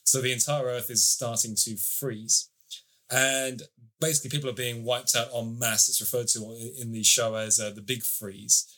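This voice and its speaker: Chatty bright-voiced man reviewing TV. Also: medium pitch, steady tone, moderate pace. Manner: chatty, swears casually, long plot summaries. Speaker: podcast co-host reviewing TV. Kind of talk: casual review chat.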